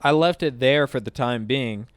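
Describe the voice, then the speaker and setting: A young man hosting a gaming channel tells a story in a loose, animated way and swears freely. His voice is smooth and resonant at a mid pitch. It is recorded close and dry, with no room sound. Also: normal speed, dry recording. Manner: animated, profane, acts out both sides of arguments. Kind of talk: casual storytime over gameplay.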